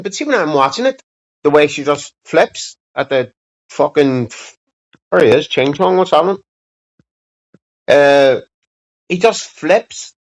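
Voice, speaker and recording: A man hosting a livestream, chatting casually and bluntly to his viewers with plenty of swearing. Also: a little high. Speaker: livestream host. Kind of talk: casual rambling chat to viewers. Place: home streaming setup. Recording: dull lo-fi sound.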